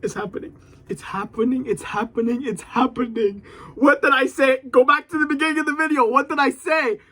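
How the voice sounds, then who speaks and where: A man doing a live reaction while reading a comic chapter aloud, excitable and exclaiming, with some swearing. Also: extremely high pitch, fairly quick. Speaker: manga reactor.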